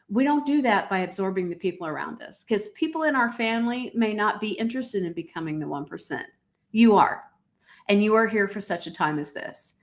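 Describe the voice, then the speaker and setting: A middle-aged woman hosting a live-streamed motivational podcast. She talks emphatically and repeats her key lines the way a preacher does. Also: medium pitch. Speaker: podcast host.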